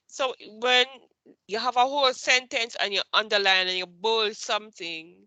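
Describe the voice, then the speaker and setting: A woman teaches a computer class in a bright, forceful voice, recorded close and dry. She questions her students patiently and repeats each point until it lands. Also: mid-range voice, dry recording.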